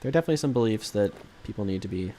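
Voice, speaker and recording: A man's voice: lowish voice, animated, very fast, mellow. A man streaming a strategy game live, commentating casually in a rambling, jokey way that keeps correcting itself.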